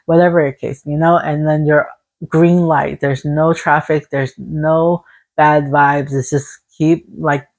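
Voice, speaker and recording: A woman's voice: sits low, little pitch movement, slow, darkish tone. A woman giving a casual spiritual tarot reading to her viewers. She sounds encouraging and speaks in long, repetitive lists. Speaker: tarot reader.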